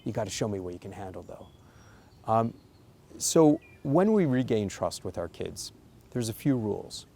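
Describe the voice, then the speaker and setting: A man with a low, gravelly, mellow voice gives an instructional talk to parents. He coaches earnestly and leans hard on his key points. The delivery feels like a teaching video. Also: sing-song, moderate pace. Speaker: parenting educator.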